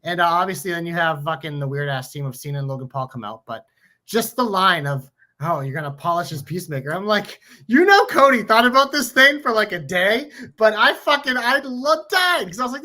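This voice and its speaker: A man co-hosting a podcast, talking about wrestling in an excitable, emphatic way and swearing now and then. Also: high voice, brisk. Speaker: podcast co-host. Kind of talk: casual wrestling chat.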